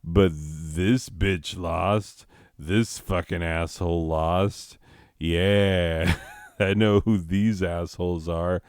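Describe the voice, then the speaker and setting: A man's voice: deep voice, steady tone, drawn-out words, a little mellow, clean tone, dry recording, clean studio sound. A man doing profane, sardonic stand-up comedy, ranting about the news of the year.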